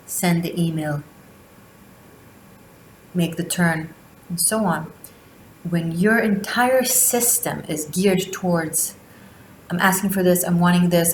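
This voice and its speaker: A woman with a low voice leads a spiritual tarot reading. She talks slowly and deliberately, leaving long pauses between phrases. The room around her is echoey. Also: slight background noise. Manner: slow, deliberate delivery with drawn-out pauses. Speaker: tarot reader. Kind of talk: spiritual monthly reading, teaching.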